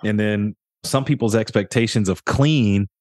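A young adult man co-hosting a casual podcast, telling work stories with lively mimicry of the people involved. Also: on the low side, unhurried, dry recording, studio quality. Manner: animated storyteller, often mimics others with a raised voice. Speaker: podcast co-host, real estate agent.

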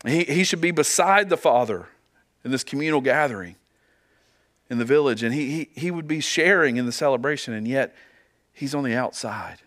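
A man's voice: mid-range voice, lively intonation, normal speed, a bit bright. A man preaching a sermon as pastor, earnest, asking his listeners rhetorical questions and often repeating words as he goes.

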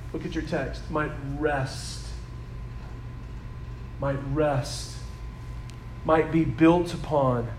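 Animated high-voiced man preaching a sermon. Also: reverberant, a little hiss or hum, low-quality recording. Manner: animated, emphatic preaching with sudden soft drops. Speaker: pastor. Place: church sanctuary.

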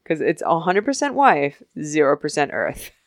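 Young woman podcaster, low voice, dry sound, acts out all the characters while she recaps. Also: dry recording. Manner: animated, acts out characters in quick voices, laughs often. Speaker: podcast co-host recapping a TV episode. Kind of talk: casual chat.

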